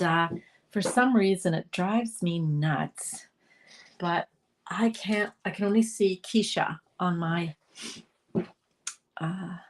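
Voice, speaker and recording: A woman's voice: fairly low pitch, slight background noise. A woman with a mild head cold, chatting through a live card-making demonstration and greeting viewers by name. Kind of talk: live craft demo chat.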